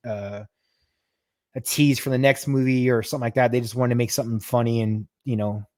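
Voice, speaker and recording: A man's voice: mid-range voice, a little fast, no echo. Chatty man retelling a movie, dry mic. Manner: animated storyteller, stumbles and restarts, swears freely. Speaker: podcast co-host. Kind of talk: casual chat. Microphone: podcast mic.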